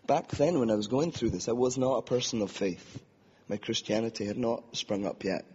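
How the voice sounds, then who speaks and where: This man speaks in a mid-range voice at normal speed, with background noise behind him. He is preaching from a podium in a hall, sharing a reflective, earnest testimony and voicing the inner thoughts in his story. Long hall reverb and a dull lo-fi quality color the audio.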